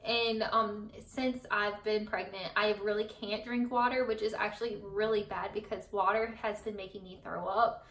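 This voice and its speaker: A woman's voice: medium pitch, fairly even intonation, moderate pace, hardly any pauses, a bit bright, far from the mic. A young woman, a mother, chatting casually to camera in a rambling way, with many fillers and small laughs. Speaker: vlogger, mother. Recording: echoey room, voice set back from mic.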